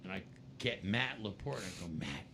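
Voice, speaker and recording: A man's voice: fairly low pitch, a little fast, background noise. A middle-aged man and guest musician who tells stories in a casual interview, acting out other people's voices. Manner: animated storyteller, acts out the voices of others.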